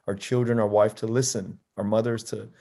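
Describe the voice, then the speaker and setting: A man hosting a casual podcast conversation, reflective and searching for his words with pauses and fillers. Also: lowish voice, little pitch movement, gravelly, warm tone. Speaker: podcast host.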